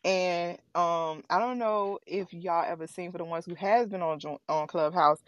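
A woman's voice: lowish voice, normal speed, no echo, dull audio. Woman, podcast co-host, chatty, talks to listeners, dry close sound. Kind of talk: casual chat, addressing a live audience.

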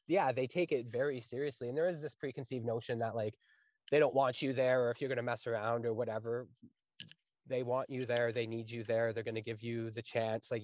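A man's voice: mid-range voice, a little mellow, no echo, lo-fi sound. A man in his thirties from Canada, talking earnestly and at length in a casual podcast conversation, full of fillers. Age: 30s. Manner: earnest, rambling with frequent fillers. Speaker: guest.

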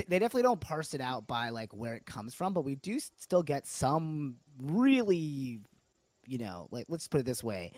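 A man's voice: fairly high pitch, no room sound. Chatty storytelling man, dry close sound. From New Hampshire, USA. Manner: chatty storyteller with quick restarts and frequent laughs. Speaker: guest comedian. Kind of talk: casual podcast chat.

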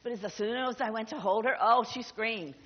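A woman's voice: fairly high pitch, normal speed, slightly rough. A middle-aged woman pastor preaching a sermon, emphatic and exhorting, often repeating her phrases. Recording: dull audio with long hall reverb.

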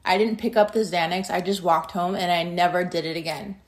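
A woman's voice: lowish voice, fairly even intonation, a little fast. A woman in her thirties recounts her own story straight to her listeners. She talks casually and bluntly, with plenty of "um" and "like" along the way. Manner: candid, casual and blunt, with frequent "um" and "like". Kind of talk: personal storytelling.

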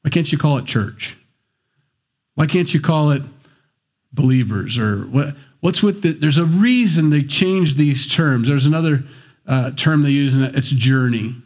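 A man's voice: on the high side, a little slow, a little mellow. A man preaching a sermon in a conversational way, with wry asides and little acted-out voices. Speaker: pastor. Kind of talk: sermon, Bible teaching.

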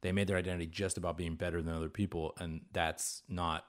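Guy guest on a podcast, talks fast, lowish voice, wry and opinionated. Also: flat delivery. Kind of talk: casual conversation.

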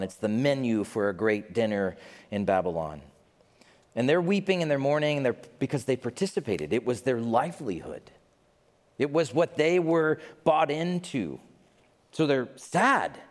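A man preaching a sermon in an animated way, briefly acting out the people he talks about in quick put-on voices. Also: medium pitch. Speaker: pastor. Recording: long hall reverb.

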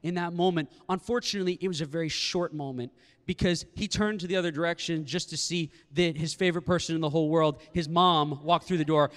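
Male pastor, 30s, lively storyteller, high voice, long hall reverb. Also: fast talker. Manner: animated storytelling, talking to the crowd. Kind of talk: sermon. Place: large hall with a live audience.

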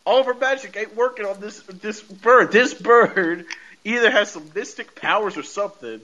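A man chats through a casual podcast recap in a high voice. His tone is bright and forceful, and he tells the story animatedly with frequent laughs. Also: normal speed, lo-fi sound. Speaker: podcast host.

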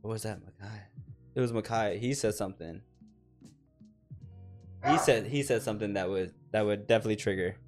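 A man's voice: fairly low pitch, a little fast, long pauses, a little mellow, faint music behind. A young man co-hosting a casual podcast chat, rambling and joking. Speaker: podcast co-host.

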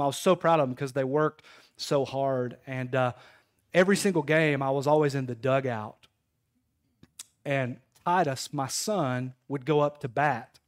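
A man, preaching a folksy sermon in church with call-and-response to the congregation. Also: on the high side. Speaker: pastor. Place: church sanctuary.

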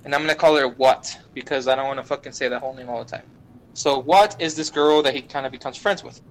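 A young man with a mid-range voice, recorded roughly with slight background noise, appears as a podcast guest. He casually retells an anime plot, swearing a lot and briefly putting on quick voices for the characters in an animated, profane way.

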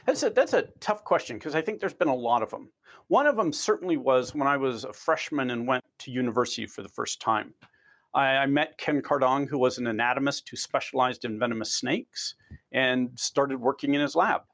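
A man, a research scientist, answering interview questions as an animated storyteller who repeats words at the start of phrases. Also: medium pitch, brisk.

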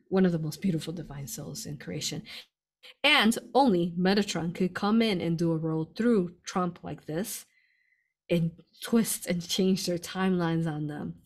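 A woman with a voice on the low side hosts a live spiritual stream, answering viewer questions in a chatty manner. She laughs often and addresses her listeners as "you all".

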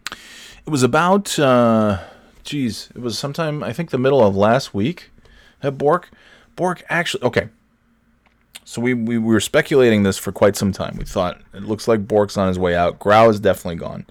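A man hosting a podcast, telling a rambling, self-correcting story in casual chat and jumping up in pitch when he quotes people. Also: moderate pace, dry recording. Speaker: podcast host.

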